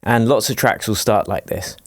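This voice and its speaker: A man teaching music production in a screen-recorded tutorial, explaining each step in a relaxed, jokey way. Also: on the low side, normal speed, a little hiss or hum. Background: faint dance music playing from his project.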